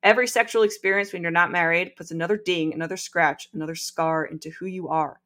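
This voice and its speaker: A woman's voice: on the low side, steady tone, fast, fairly bright tone. A woman hosting a podcast, reading aloud from a book with wry asides and frequent laughs. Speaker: podcast host.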